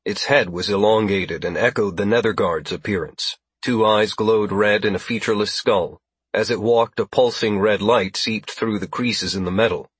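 A man narrating a science-fiction audiobook in a steady, even storytelling manner. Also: on the low side, normal speed, breathy edge, dry recording. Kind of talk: scripted narration.

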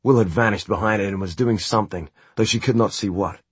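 A man narrating a novel as an audiobook in a steady, measured reading. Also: fairly low pitch, slightly rough, no room sound. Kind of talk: scripted narration.

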